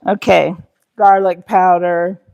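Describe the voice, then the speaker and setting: Broadcasting live from her home kitchen, a woman chats loosely and rambles to her viewers in chat while she cooks. Her voice sits fairly low with little pitch movement, slow and fry-laden, darkish in tone with the highs cut off.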